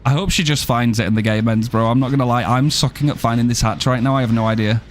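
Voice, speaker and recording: A man's voice: medium pitch, fairly even intonation, fast, slight background noise. A young man streaming a game, joking around and swearing casually as he plays. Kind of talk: live gameplay commentary.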